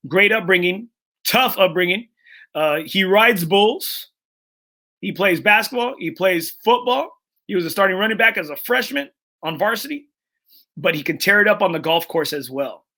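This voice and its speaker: A man's voice: high voice, pushed and bright. Emotional, earnest man hosting a podcast. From Texas. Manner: earnest and emotional, with frequent restarts and fillers. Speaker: podcast host. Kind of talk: casual podcast chat.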